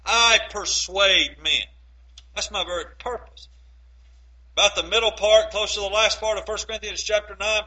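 A man preaching a sermon, quoting scripture and swinging between loud, emphatic phrases and low, quiet asides. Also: poor audio.

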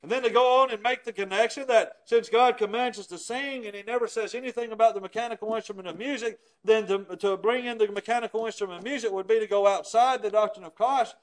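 A man's voice: sits high, steady tone, fast, few pauses, poor audio. A man preaching a sermon in an earnest, emphatic way, often asking rhetorical questions.

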